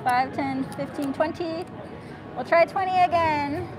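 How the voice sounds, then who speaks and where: High-voiced giggly woman casino vlogger. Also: a little slow, crowd noise. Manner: giggly, excitable, cheering. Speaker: gambling vlogger. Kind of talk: live table-game commentary. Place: casino table. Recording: noisy casino floor.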